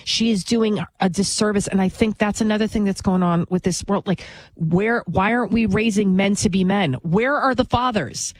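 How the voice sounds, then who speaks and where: A woman speaks straight to her listeners in a blunt, emphatic monologue. Her pitch sits in the middle, and she talks casually and forcefully. The sound is dry and close. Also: normal speed, dry recording. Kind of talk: opinionated monologue.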